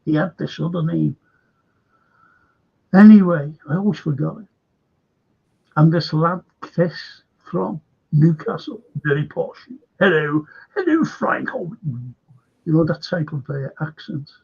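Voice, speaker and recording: A man's voice: fairly high pitch, unhurried, creaky, long pauses, mellow, husky. An older man hosting a show, telling a rambling story in casual chat and repeating himself. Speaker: host. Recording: dull lo-fi stream audio.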